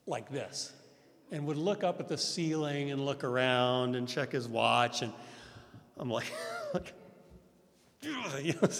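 A man teaching a class on ministry, often putting rhetorical questions to his audience. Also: mid-range voice. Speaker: Christian ministry instructor. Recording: echoey hall reverb.

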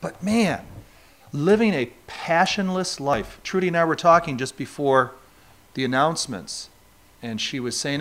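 A pastor from New York State preaches a sermon in a slightly high, fairly bright voice, speaking a little slowly. He keeps it conversational and puts rhetorical questions to the congregation.

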